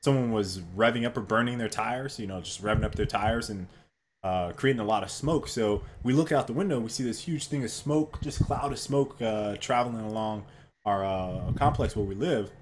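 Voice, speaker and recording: A man's voice: lowish voice, moderate pace, slight background noise. A man co-hosting a live gaming talk show, telling a story in casual chat, acting out quotes and swearing freely. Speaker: co-host.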